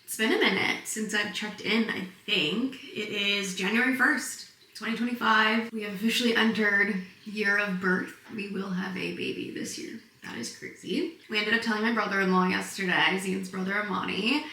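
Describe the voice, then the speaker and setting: A bright-voiced young woman chats through a home vlog, giggling as she tells stories. She sounds tired and a little short of breath. Her voice carries room echo from a camera placed a bit away. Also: medium pitch, fairly even intonation, normal speed, a little hiss or hum. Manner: chatty, bubbly, giggly storytelling. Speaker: vlogger. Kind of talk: casual pregnancy vlog chat. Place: home, indoors. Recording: echoey room, mic a bit far.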